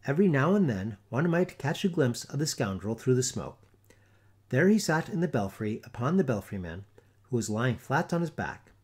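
A man reading a classic tale aloud in a theatrical, expressive storytelling manner. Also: mid-range voice, moderate pace, breathy edge. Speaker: audiobook narrator. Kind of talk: scripted story narration.

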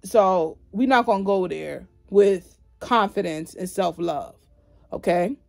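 A woman's voice: medium pitch, takes it slowly, vocal fry, soft background music. A woman telling a personal story in a casual vlog, sassy and indignant, speaking straight to the listener.

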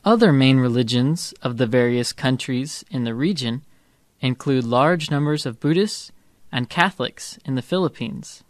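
Guy voicing a calm dad explaining stuff for homework, mid pitch, dry close sound. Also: moderate pace, no echo, natural voice. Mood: patient. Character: father helping his child with homework. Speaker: textbook audio actor. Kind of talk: scripted textbook dialogue.

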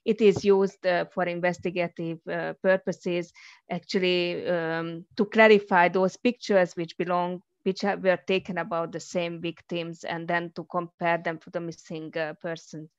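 A woman's voice: fairly low pitch, little pitch movement, moderate pace, clean tone, no echo, highs cut off. Woman speaking carefully with many fillers. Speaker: panel speaker. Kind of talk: conference panel talk.

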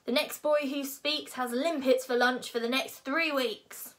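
A woman voicing a huge, loud male Viking drill instructor who barks orders, as a storybook reading. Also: a little high, measured pace. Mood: bellowing. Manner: bellowing, commanding.

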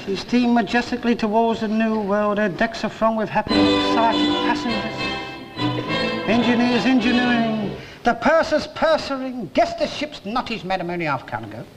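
A man's voice: very high-pitched, moderate pace, over loud music, rough recording. An actor playing a small, hapless working-class man who tells a grand, rambling story with comic mock-grandeur in a 1960s television sitcom. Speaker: sitcom lead. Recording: old TV recording, loud studio audience laughter. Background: roaring studio audience laughter.

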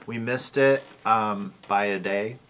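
A man's voice: lowish voice, slow, a bit bright, slight background noise. A man co-hosting a casual needlework chat show, laughing easily and showing off items to the camera. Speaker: co-host.

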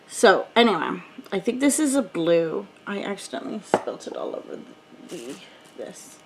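A woman's voice: medium pitch, big pitch swings, moderate pace, heavy background noise. A woman beauty vlogger chatting casually while unboxing, thinking aloud with lots of ums.

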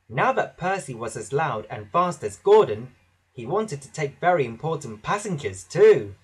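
A man narrating a children's storybook in a lively, animated way. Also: fairly high pitch, normal speed, breathy edge.

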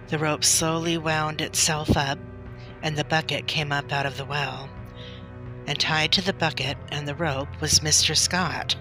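A woman reading a classic children's novel aloud in a gentle, deliberate storytelling manner. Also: low voice. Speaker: storybook reader.

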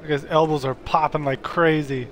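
A man's voice: a little high, fairly even intonation, normal speed. A man casually commenting while he plays a game live, joking and talking to the characters on screen. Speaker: streamer playing a game.

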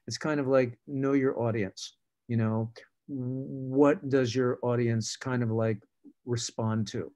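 Brief: a man guest, loose and rambling, with a soft, dark voice at a middle pitch. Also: fairly even intonation, slow pace. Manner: rambling with many fillers and restarts. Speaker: film director and guest. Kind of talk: casual panel talk.

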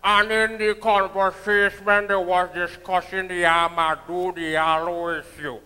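A man doing a slow, teasing Trinidadian comic. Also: little pitch movement, bright, forceful tone, clear, resonant tone. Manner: slow, lower, teasing drawl. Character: impression of a deadpan male comedian teasing the crowd. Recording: live stage with long hall reverb.

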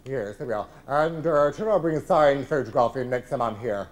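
Brief: actor playing an arch, drawling comic on a theatre stage, camp and gossipy, mid-pitched voice. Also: male voice, lively intonation, a little fast, lightly acted. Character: camp nasal older male comedian, arch, gossipy. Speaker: stage performer in one-man show. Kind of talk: live stage impression. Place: large theatre, live audience.

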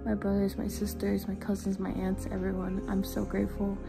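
A woman's voice: mid-range voice, monotone, fairly quick, creaky. A woman in her twenties chatting casually to her viewers in a vlog, full of fillers. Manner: chatty, filler-heavy, talks straight to viewers. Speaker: vlogger. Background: background music.

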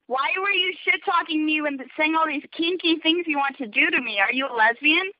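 A woman's voice: sits high, fairly quick, no room sound. A woman on a phone call, furious, profane and threatening. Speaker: caller. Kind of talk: heated phone argument. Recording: dull phone-line audio.

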